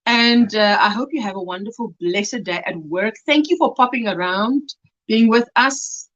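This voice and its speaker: A woman's voice: mid-range voice, moderate pace, highs cut off. A middle-aged woman with a South African accent hosting a casual crochet livestream, reading out viewer comments and greeting them as sweetheart. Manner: warm-hearted, chatty, greets viewers as sweetheart.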